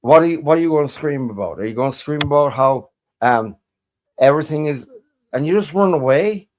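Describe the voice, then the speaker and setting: A man's voice: on the high side, lively intonation, fairly quick, a little mellow. A man from the UK hosting a livestream, brash and sweary, impatiently repeating himself as he grills a caller. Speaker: streamer.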